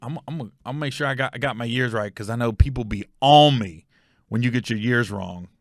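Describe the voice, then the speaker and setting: A man's voice: medium pitch, a little fast, no room sound, clean studio sound. A male podcast host telling a casual, rambling story, often stopping to correct himself and check facts aloud.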